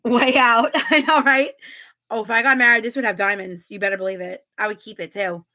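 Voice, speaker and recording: Giggly woman streamer chatting w her viewers, kinda high, really bright tone. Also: steady tone, a little fast. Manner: chatty and giggly, laughs often. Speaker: livestream host. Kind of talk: casual chat reading viewer comments aloud.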